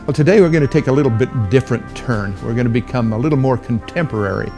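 A man hosting a podcast who interviews a guest in a formal, measured way. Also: mid-range voice, over music. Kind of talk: scripted interview.

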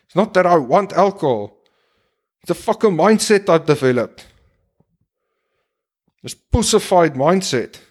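A man's voice: sits high, expressive, a little slow, pauses often, breathy edge. A man delivering an impassioned, blunt and heavily profane monologue as a podcast host.

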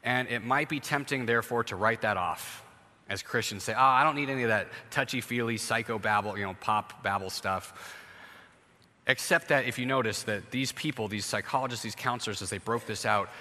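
A man's voice: on the low side, bright, forceful tone. A man preaching a conversational sermon as pastor, acting out everyday scenes as he goes. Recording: long hall reverb.

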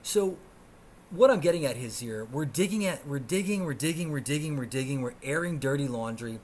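A man's voice: medium pitch, animated, a little fast, a little mellow, slight background noise. A man in his thirties from the United States, hosting his podcast alone in a profane, sarcastic rant. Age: 30s. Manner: ranting, sarcastic and profane, swinging between mutters and outbursts. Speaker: podcast host.

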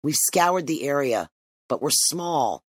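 A narrator voicing a weary small-town police chief. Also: male voice, fairly high pitch, very animated, slow, slightly rough, no room sound, voice pushed up, heavily acted. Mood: defensive.

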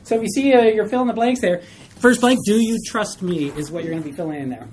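A woman teaching a small Bible study group in a chatty, animated way, asking questions of the class. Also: medium pitch, very fast, a little hiss or hum, low-quality recording.

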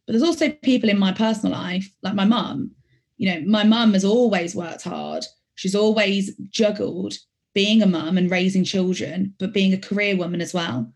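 A woman's voice: medium pitch, moderate pace. A woman in her late twenties from Birmingham, with a faint Birmingham accent, giving earnest, reflective interview answers as a barrister and sometimes correcting herself mid-sentence. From Birmingham, England. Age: late 20s. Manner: earnest, reflective, with some self-correcting restarts. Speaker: barrister, podcast guest.

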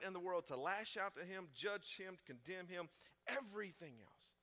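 Bright-voiced preaching man. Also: high voice, animated, normal speed. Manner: conversational preaching, swings from loud to hushed. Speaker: pastor. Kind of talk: sermon. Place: church.

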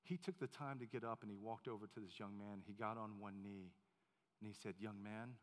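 A man preaching as a pastor, telling a story in a relaxed, chatty way with many fillers and restarts. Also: on the low side, brisk. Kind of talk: sermon storytelling. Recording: long hall reverb.

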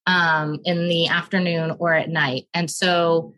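30s woman guest on a podcast, bright sharp voice, earnest and open, rushes when it gets emotional. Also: on the low side, level tone, rough recording. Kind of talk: candid personal storytelling.

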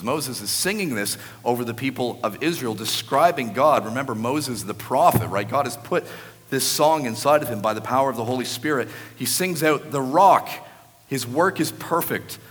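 A man's voice: medium pitch, fairly bright tone, in a large hall. A man preaching a sermon to his church, emphatic, sometimes dropping to a hissing whisper for effect. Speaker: pastor. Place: church sanctuary.

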